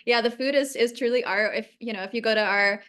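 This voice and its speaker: Higher-voiced woman, effusive interviewer. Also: fast talker, fairly bright tone. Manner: effusive and praising. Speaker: retreat representative interviewing a guest. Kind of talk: casual interview chat.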